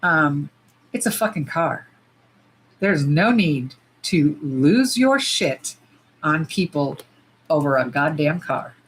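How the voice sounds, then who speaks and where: A middle-aged woman hosting a casual livestream. She talks bluntly with plenty of swearing and sometimes breaks into loud squeals. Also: low-pitched, takes it slowly, slight background noise, rough recording. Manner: blunt, profane and animated, jumping to loud squeals. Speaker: nail polish livestream host. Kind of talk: casual livestream chat while swatching.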